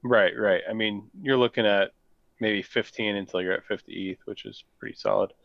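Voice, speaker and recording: A man's voice: on the low side, fairly even intonation, normal speed, vocal fry, no echo. A man co-hosting a live stream in casual chat, joking around and tripping over his words. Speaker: co-host of a crypto game stream. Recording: dull, dry home mic audio.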